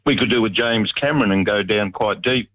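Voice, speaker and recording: Australian man, radio caller; deep-ish, relaxed and talkative, muffled phone line. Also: brisk, dry recording. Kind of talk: phone-in chat.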